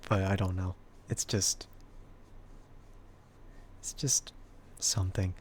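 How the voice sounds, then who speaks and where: A man with a husky, bassy voice chatting casually with stream viewers and laughing often between remarks. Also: flat delivery, slow, a little hiss or hum. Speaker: VTuber streamer.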